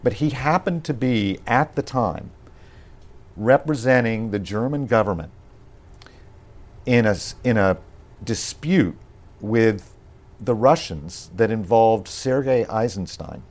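A man with a fairly low voice is interviewed as a guest. He speaks in a measured, reflective way, stopping often to pick his words with ums and restarts. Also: expressive, darkish tone. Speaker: actor being interviewed. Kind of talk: podcast interview.

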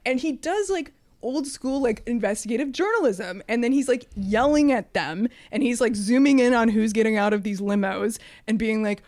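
A woman co-hosting a casual film podcast, talking in an animated, sardonic way and mimicking people she quotes. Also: fairly high pitch, normal speed, few pauses, no echo. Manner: animated, mocking quotes in a raised voice. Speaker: podcast co-host.

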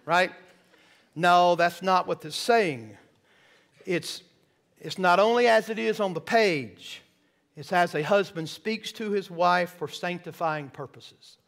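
A man's voice: sits high, slow pace, vocal fry, fairly bright tone. A man preaching a sermon in a church, folksy and checking that the congregation follows along. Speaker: pastor. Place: church sanctuary.

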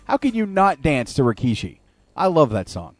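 A man's voice: on the high side, wildly swooping pitch, moderate pace, dry recording. A man hosting a wrestling radio show in a casual, upbeat way with frequent filler words. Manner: upbeat, filler-heavy patter.

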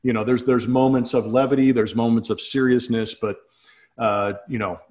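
A man co-hosting a casual podcast, relaxed and quick with short quips. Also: medium pitch. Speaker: podcast co-host.

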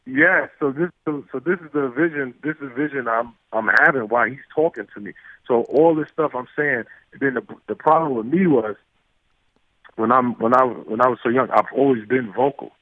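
A man tells stories as an interview guest, lively and loose, full of restarts and little acted-out exchanges. His voice comes through a tinny, phone-like line, dry and close. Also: medium pitch, normal speed, dry recording. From New York. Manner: animated, acts out quoted exchanges, many fillers and restarts. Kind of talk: casual storytelling.

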